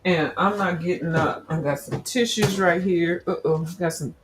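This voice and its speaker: A woman chats loosely with her viewers while she works on a craft project. Her voice sits a little low, and her talk is rambling and full of slang as she addresses everyone as y'all. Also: normal speed, music in the background. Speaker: crafting livestream host. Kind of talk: casual chat while crafting.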